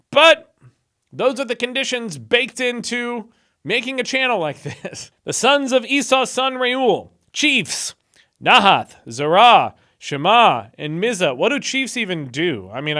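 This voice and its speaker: A man with a high, bright voice reads a long list of scripture names aloud. His pitch jumps all over as he turns from reading to sarcastic commentary. He sounds like a casual video creator. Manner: sarcastic, animated asides between read passages. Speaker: YouTuber reading the Bible aloud.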